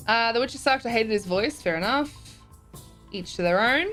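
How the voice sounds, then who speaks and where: A woman's voice: on the high side, animated, normal speed, fairly bright tone, faint music behind. A young woman streamer chatting casually as she reads and answers viewer messages, often giggling.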